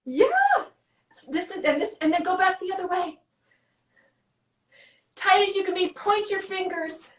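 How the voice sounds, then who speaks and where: A woman fitness coach guiding a workout with quick, encouraging cues, out of breath. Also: very high voice, fairly even intonation, roomy sound, low-quality recording.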